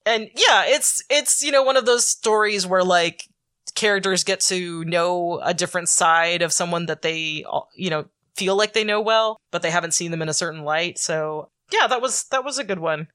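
A woman's voice: fairly low pitch, normal speed. A woman co-hosting a podcast, chatting casually and animatedly about comics, with lots of "like" fillers. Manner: chatty and animated, many "like" fillers, frequent laughs. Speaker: podcast co-host.

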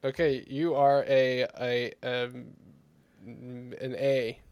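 A man's voice: medium pitch, level tone, extremely slow, smooth, no room sound, lo-fi sound. A man co-hosting a podcast, chatting casually and laughing through playful banter. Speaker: podcast co-host. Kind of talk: casual chat.

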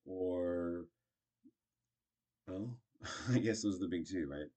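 A man's voice: deep voice, warm tone, breathy edge. A man casually teaching improv, chatty and acting out short example lines. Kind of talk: casual instructional talk.

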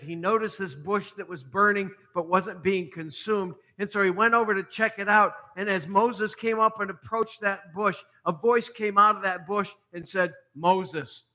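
A middle-aged male pastor delivering a sermon in a storytelling way, dropping to hushed lines and rising to emphatic ones. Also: high voice.

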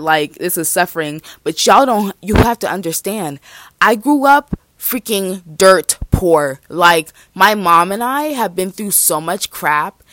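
A young woman in her twenties hosts a casual solo podcast, bubbly and rambling, with heavy use of "like." Her voice is lowish and a bit bright, and the recording is dry.

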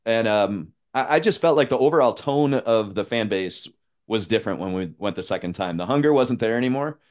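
A man's voice: fairly low pitch, animated, a little fast, darkish tone. A man chatting casually on a podcast, retelling encounters with quoted lines and laughing often. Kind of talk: casual chat.

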